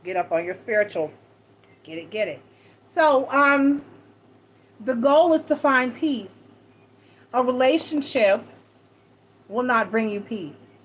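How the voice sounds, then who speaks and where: Woman tarot reader, fairly high voice, chatty and rambling, frank with a salty streak; faint hiss behind. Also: poor audio. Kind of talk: casual tarot reading monologue.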